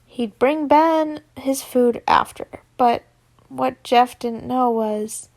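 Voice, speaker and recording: A woman's voice: sits high, slow pace, gravelly, darkish tone. A young woman reading a fanfiction story aloud casually, stumbling over words and chatting in asides. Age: young adult. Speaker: fanfiction reader.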